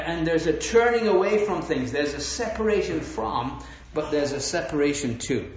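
A middle-aged man preaching a sermon, earnest, often stammering and checking in with "right?". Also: sits high. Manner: earnest, repeats "right?" to the audience. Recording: roomy, dull live hall recording.

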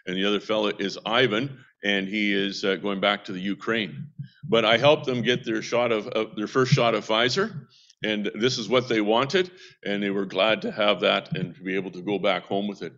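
A man's voice: on the low side, fairly bright tone, muffled recording. A man who works with a seamen's mission, giving a casual update in a rambling, anecdotal way with frequent restarts.

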